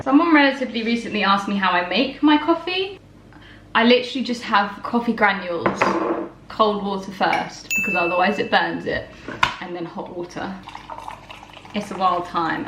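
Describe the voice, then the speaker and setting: Heavy background noise surrounds a very animated young woman speaking at normal speed in a mid-range voice. Vlogging from her echoey home kitchen amid clattering, she chats casually through her day, laughing a lot and teasing herself.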